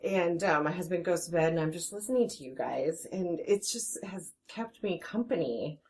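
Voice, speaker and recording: Woman in her forties, low voice, chatty, enthusiastic, casual interview, home workshop. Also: normal speed, a little mellow. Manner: chatty and enthusiastic, with many restarts. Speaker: guest metalsmith and jewelry designer.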